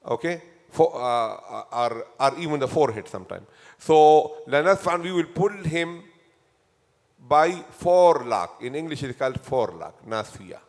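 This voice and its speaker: A man's voice: on the high side, expressive, a little slow. A man teaching a Quran commentary class in a mosque, patiently drilling terms by repeating them and quizzing his students. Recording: long hall reverb.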